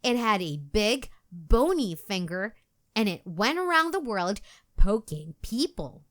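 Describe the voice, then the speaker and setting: Spooky-story-loving little girl in a picture book, read by a woman; dramatic, slow. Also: mid-range voice, very animated. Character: bold little girl who loves spooky stories.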